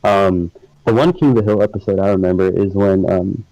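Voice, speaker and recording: A man's voice: low-pitched, brisk, mellow, no room sound, low-quality recording. A young man co-hosting a casual live stream chat, rambling with lots of filler words and frequent laughter. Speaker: podcast co-host.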